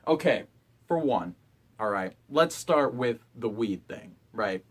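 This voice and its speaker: A man's voice: mid-range voice, animated, takes it slowly. A young man and college student ranting to camera in his dorm room, exasperated and profane. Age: young adult. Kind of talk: ranting vlog.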